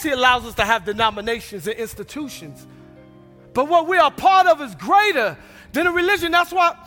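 A middle-aged pastor preaching a sermon in a church, swinging from hushed lows to loud, emphatic peaks. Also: male voice. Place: church sanctuary. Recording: reverberant hall with music behind.

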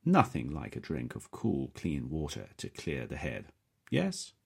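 A man's voice: extremely low pitch, wildly swooping pitch, a little slow, vocal fry, slightly rough, full character voice. A man voicing a tall, coolly polite male interrogator in his late thirties, with a strong Slavic accent and carefully precise diction, speaking in a soothing, courteous way. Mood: courteous menace. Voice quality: every syllable pronounced precisely and carefully.

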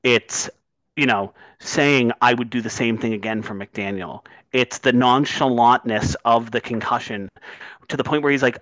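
A man's voice: medium pitch, normal speed, a bit bright, no room sound, lo-fi sound. Man, sports podcast co-host, impassioned, swears, dry close sound. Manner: impassioned, swears when worked up. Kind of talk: casual sports talk.

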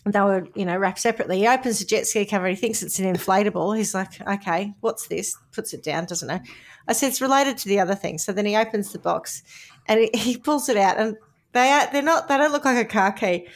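A woman's voice: mid-range voice, fast. A middle-aged woman with an Australian accent, co-hosting a podcast in casual, chatty storytelling. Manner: chatty, acts out quoted voices with laughter. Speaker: podcast co-host.

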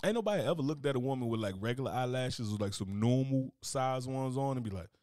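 A man in casual comedic chat, animated and slangy, acting out quotes in voices. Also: medium pitch, fast, no echo, clean studio sound.

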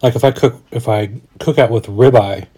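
A man's voice: mid-range voice, moderate pace, dark tone, slightly rough. A man in his forties, a podcast host, chatting casually and rambling with frequent restarts. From Colorado, USA. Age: 40s. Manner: rambling, restarts often, folksy. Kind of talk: casual chat.

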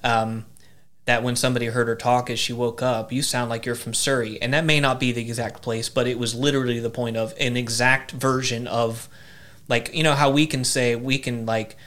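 Man, measured explainer, flat delivery, often restarts, casual chat. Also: mid-range voice. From southern Ohio. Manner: measured, searching for words, restarts. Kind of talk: casual conversation about faith.

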